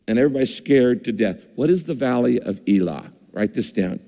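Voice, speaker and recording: A man's voice: mid-range voice, animated, brisk, vocal fry, dark tone. A pastor preaching a sermon in a conversational way, often repeating his phrases, speaking on a stage microphone in a church with a screen. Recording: long hall reverb.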